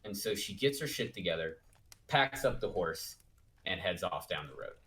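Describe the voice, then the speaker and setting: A man co-hosting a casual review chat, animated and profane, quick with jokes. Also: deep voice, low-quality recording. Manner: animated, swearing, quick to joke. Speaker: podcast co-host.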